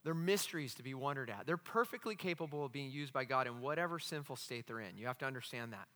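This is a medium-pitched man who talks quickly, giving a story-driven sermon as a pastor. He stays animated, performing the dialogue in his tales and slipping in playful asides, all caught with a long hall reverb.

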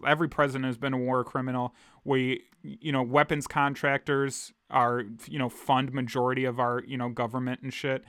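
A man's voice: mid-range voice, a bit bright, smooth, dry recording, studio quality. A man co-hosting a podcast in casual, opinionated chat, swearing freely as he talks politics. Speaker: podcast co-host.

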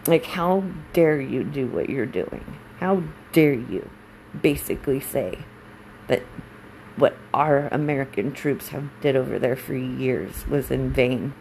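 A woman's voice: very deep voice, expressive, slow pace, creaky, darkish tone, a little hiss or hum, poor audio. A woman in her forties, a military spouse, talking candidly and emotionally about her own life, blunt and swearing when angry. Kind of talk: candid personal monologue.

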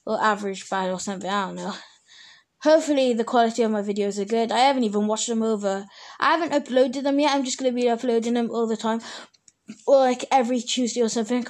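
A casual solo podcast host, a woman with a fairly high voice. She rambles in loose, chatty sentences and keeps stopping to restart or fix what she has just said. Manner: rambling, self-correcting, chatty.

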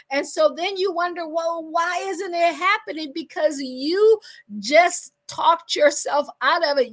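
High-voiced woman giving a fervent sermon. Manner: preachy, animated, asks the listener questions. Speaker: faith and business speaker. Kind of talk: motivational sermon.

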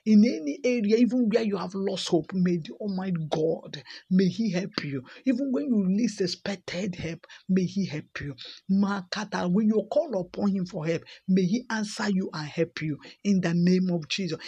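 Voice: mid-range voice, darkish tone, slightly rough, muffled recording. A preacher giving a repetitive, exhorting sermon and praying over listeners, breaking into tongues now and then. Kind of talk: sermon with prayer.

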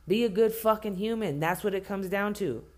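A woman's voice: mid-range voice, normal speed. A woman delivering an impassioned spoken rant, blunt and heavily profane, hammering points home by repeating herself.

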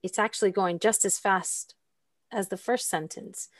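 A woman's voice: mid-range voice, fairly even intonation, measured pace, dry recording. Chatty woman with a dry, close sound. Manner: chatty, laughs between points. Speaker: language teacher. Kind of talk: casual educational podcast chat.

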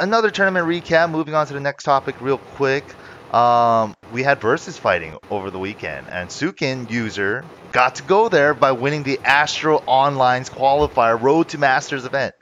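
Relaxed man hosting on a dull line. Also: mid-range voice, normal speed, a little hiss or hum. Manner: relaxed, moves topics along. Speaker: podcast host. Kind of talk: casual chat.

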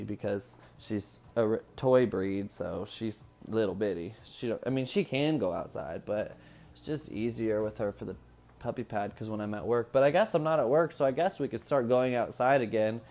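A man's voice: on the low side, normal speed, a little mellow. A man in his twenties from Indiana, chatting casually to the camera at home. He rambles from one thing to the next, swearing freely and laughing often. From Indiana, USA. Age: 20s. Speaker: vlogger. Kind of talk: casual chat.

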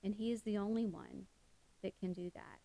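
A woman's voice: medium pitch, fairly even intonation, normal speed, creaky, dark tone, low-quality recording. A middle-aged woman giving a heartfelt devotional talk, earnest, with many fillers and restarts. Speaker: Christian speaker.

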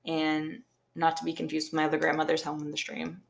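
A young woman co-hosting a podcast tells a long, rambling story in casual chat, saying "like" constantly. Her deep voice carries vocal fry, she talks a little fast in a monotone, and there's a faint hiss or hum.

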